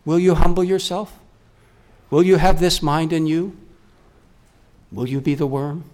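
Male preacher with a high voice, dynamic sermon delivery, drops to near whispers for emphasis. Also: steady tone, unhurried. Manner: swings from loud rising questions to hushed low emphasis; self-correcting, repeats words.

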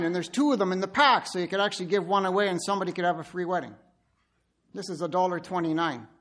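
Guy preaching with a high voice, animated, tells stories right at the crowd. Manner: animated storytelling, addresses listeners directly. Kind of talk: sermon.

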